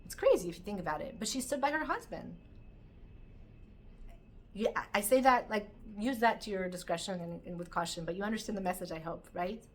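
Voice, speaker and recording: A woman teaching a Torah class, telling stories in an animated way and mixing in Hebrew terms. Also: mid-range voice, a little fast.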